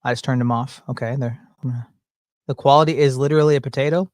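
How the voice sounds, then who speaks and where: A man's voice: mid-range voice, fairly even intonation, fast talker, a little mellow, dry recording. Joking folksy man hosting a livestream. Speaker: livestream host. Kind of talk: casual livestream chat. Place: at home, indoors. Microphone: desk mic through mixer with headphones.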